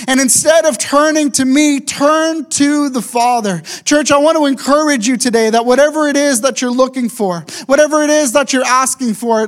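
A man preaching a sermon as a pastor, emphatic and deliberate, slowing down to repeat key phrases. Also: extremely high pitch.

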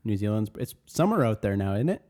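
A man's voice: lowish voice, big pitch swings, fast, dark tone. A man in casual podcast chat, curious and full of questions. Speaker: podcast co-host.

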